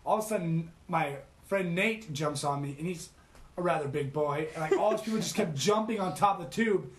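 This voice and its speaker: High-voiced young man telling a story. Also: brisk, echoey room. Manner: laughing while telling a story. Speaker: podcast co-host. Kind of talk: casual storytelling.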